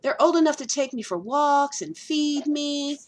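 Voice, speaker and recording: A woman's voice: high voice, a little slow, noisy background, pitched above the performer's own voice. A woman voicing a young male stray dog, earnest and a little plaintive, reading a storybook aloud.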